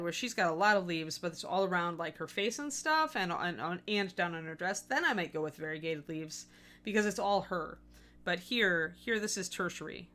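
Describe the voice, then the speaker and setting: A woman hosts a relaxed painting stream, thinking aloud as she works and dotting her talk with ums and likes. Her voice sits a little low, with a bright, forceful edge. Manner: chatty, thinking aloud with frequent fillers. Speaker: miniature painting stream host. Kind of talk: casual live-stream tutorial talk.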